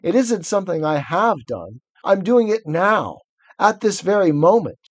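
A man's voice: high-pitched, very animated, unhurried, no echo, pitched above the performer's own voice, heavily acted. A man voicing a remorseful male faun who sobs and pleads as he reads a novel aloud. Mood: sobbing remorse. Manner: tearful, pleading.

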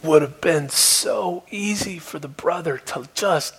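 A male pastor preaching a sermon, telling a story and dropping at times to a soft, hushed voice for emphasis. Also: on the high side, slow pace, breathy edge. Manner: storytelling, shifts between soft hushed tones and raised emphasis. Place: church.

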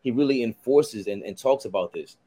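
A man's voice: medium pitch, animated, fairly quick, mellow, slightly rough. A young man on a sports podcast panel, chatting casually and chiming in with facts. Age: young adult. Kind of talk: casual chat.

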